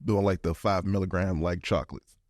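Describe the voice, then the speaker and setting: A man's voice: low voice, level tone, brisk, darkish tone, dry recording, studio quality. A young man co-hosting a casual podcast, rambling in slangy talk with lots of "like" fillers. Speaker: podcast co-host. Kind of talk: casual chat.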